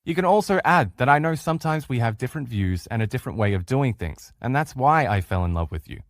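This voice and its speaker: A man's voice: mid-range voice, lively intonation, fast talker, dry recording, studio quality. A middle-aged man teaching a recorded relationship-coaching lesson in an earnest, coaching manner. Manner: earnest, coaching, acts out quoted replies in changed voices.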